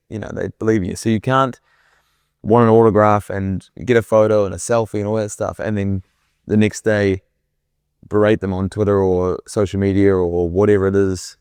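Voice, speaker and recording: Low-voiced man with halting speech. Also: steady tone, a little mellow, clear, resonant tone, no room sound, studio quality. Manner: halting, frequent restarts. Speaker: guest cricketer. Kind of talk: casual podcast conversation.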